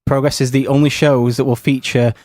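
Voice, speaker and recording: A man's voice: medium pitch, flat delivery, fairly quick, a little mellow, dry recording, clean studio sound. A man on a podcast, earnestly giving a detailed rundown in casual chat. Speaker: podcast co-host.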